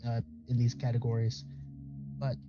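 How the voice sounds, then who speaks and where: A man's voice: mid-range voice, little pitch movement, normal speed, highs cut off, over music. A man giving a casual, rambling educational talk as a streamer, full of fillers and restarts. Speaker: VTuber content creator.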